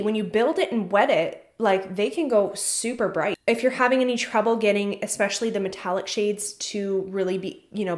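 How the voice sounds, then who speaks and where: A woman chatting enthusiastically through a casual makeup tutorial as a beauty vlogger, talking while she works. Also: mid-range voice. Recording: echoey room.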